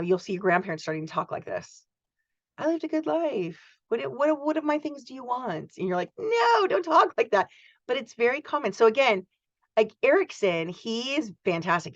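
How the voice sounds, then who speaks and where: A woman's voice: lowish voice, no echo, highs cut off. Chatty, enthusiastic woman in her forties lecturing. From United States. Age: 40s. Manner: chatty, enthusiastic, acts out student voices. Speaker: college instructor. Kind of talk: recorded lecture.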